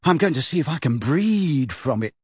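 Man voicing a shy eager schoolboy, higher and excited, dry sound. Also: moderate pace, breathy edge, no echo, full character voice.

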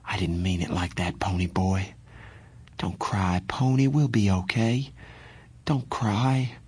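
A man's voice: low-pitched, steady tone, takes it slowly, darkish tone, slightly rough, heavily acted. A man reading an audiobook and voicing a frightened, guilt-ridden teenage boy who speaks weakly with a quavering voice. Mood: soothing. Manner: quavering, weak voice. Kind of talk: audiobook character voice.

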